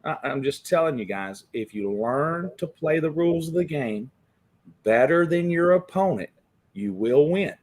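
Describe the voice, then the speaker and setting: A man's voice: fairly high pitch, lively intonation, a little slow, darkish tone. Emphatic man giving advice. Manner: emphatic, repeats words, advising. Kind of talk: casual chat, giving advice.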